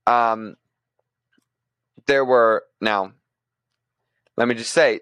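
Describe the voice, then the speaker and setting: A man's voice: on the low side, slow, long pauses, fairly bright tone, clean tone, no room sound. A man co-hosting a podcast, talking through news in a casual, thinking-aloud way with frequent restarts. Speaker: podcast co-host presenting news.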